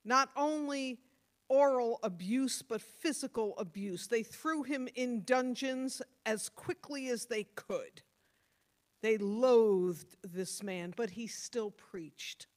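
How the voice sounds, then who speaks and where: A woman pastor giving a sermon, earnest and motherly, stressing points hard and then dropping to soft tones. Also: a little high, slow. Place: church.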